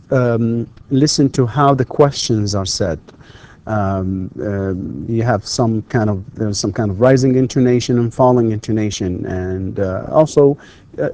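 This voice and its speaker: A man lectures on English grammar at a slow, measured pace. He halts often, fills the gaps with "um" and "of course", and restarts his sentences as he explains each item. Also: medium pitch, darkish tone. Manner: halting, many fillers and restarts. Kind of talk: university lecture. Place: lecture studio.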